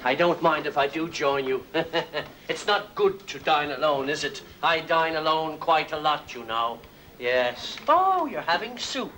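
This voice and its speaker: A man's voice: a little high, very animated, unhurried, pushed and bright, full character voice, poor audio. A man playing an overbearing, lonely dinner guest who chatters and shows off in a 1970s TV comedy sketch. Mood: bossy. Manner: chatty, bossy, full of jokes and sound effects. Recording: studio audience laughter, broadcast noise.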